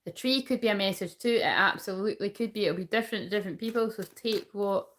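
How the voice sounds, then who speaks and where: A woman's voice: medium pitch, fast, a bit bright. A woman giving a casual tarot reading, rambling, swearing freely and laughing often. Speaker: tarot reader.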